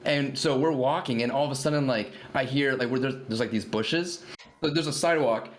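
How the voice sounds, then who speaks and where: A man's voice: medium pitch, a little fast. A young man on a podcast, telling a long story in casual chat and rambling with lots of "like" fillers. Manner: rambling, heavy filler "like", animated retelling. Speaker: podcast regular.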